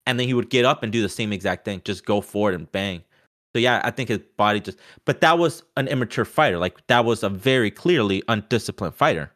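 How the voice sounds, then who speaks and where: A man talking fast and loose in a casual sports chat, restarting his sentences and leaning on "like" as a filler. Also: lowish voice. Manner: animated, restarts often, many "like" fillers.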